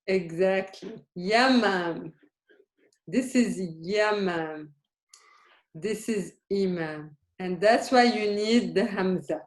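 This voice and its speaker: Slow-spoken woman teaching in an echoey room. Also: mid-range voice, darkish tone. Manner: patient, questioning, checks understanding often. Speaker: Arabic teacher. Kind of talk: live beginner language lesson.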